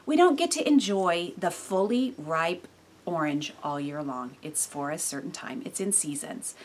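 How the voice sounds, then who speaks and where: A woman living in California gives a casual devotional Bible talk, animated and laughing often, with sudden bursts of loudness. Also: on the low side, unhurried. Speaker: Bible teacher.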